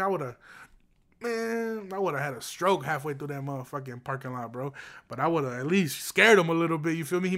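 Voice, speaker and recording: A young man, a property manager, tells a story to his viewers in casual, animated street slang full of profanity, with "bro" and "you feel me" dropped in constantly. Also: sits high.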